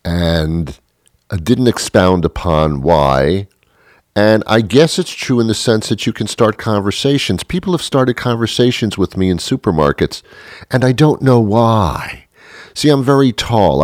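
A man's voice: fairly low pitch, expressive, measured pace, no room sound, clean studio sound. A man delivering a sardonic, grumbling comic monologue about everyday annoyances. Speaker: comedian.

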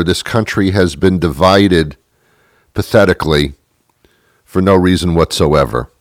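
A man with a very deep voice hosts a talk show, rambling through a comedic monologue in a deadpan, self-mocking way. The sound is dry and close to the mic, with no room around it. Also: no echo.

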